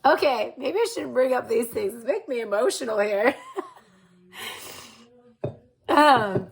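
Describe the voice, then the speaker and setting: A woman in her forties, pitched a little high, talks in a casual confessional monologue. Her talk is frank and chatty, with easy laughs, and she keeps checking in with her listeners. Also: lively intonation, unhurried, gravelly, husky. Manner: laughs easily and speaks frankly. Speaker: host.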